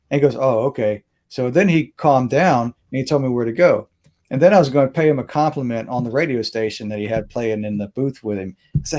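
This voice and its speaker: A man's voice: medium pitch, fairly quick, mellow. A man tells a long, wandering story on a video call. He keeps restarting his sentences and chuckles at his own jokes, speaking in an ordinary middle register. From Mississippi. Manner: rambling, self-interrupting, laughs at his own story. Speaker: host. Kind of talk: casual storytelling chat. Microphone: webcam or phone on video call.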